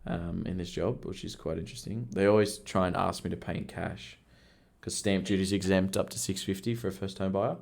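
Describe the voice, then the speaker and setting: Brisk and low-pitched, with a creaky, darkish voice and fairly even intonation, a podcast co-host swaps work stories in a casual chat. He tells them bluntly and swears freely.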